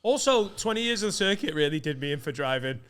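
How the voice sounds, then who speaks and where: A middle-aged man sits in on a casual podcast chat as a guest comedian. He swears casually and tells stories with quick asides, in a voice a little higher than most men's. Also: expressive, a bit bright, smooth.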